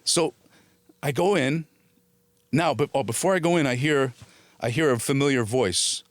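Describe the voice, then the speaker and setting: Here a middle-aged actor guest, originally from Italy but raised in New Jersey, tells a story in a laid-back interview, talking at a normal speed in a mid-range voice. He's lively, performs the other characters' voices, and doesn't hold back on swearing. The recording is dry.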